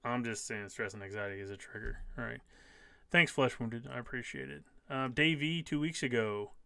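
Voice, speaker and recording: A man's voice: mid-range voice, expressive, normal speed, vocal fry, bright, forceful tone, dry recording. A man in his fifties hosting a casual live stream, reading viewer comments aloud and answering them emphatically, often repeating key phrases. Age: 50s.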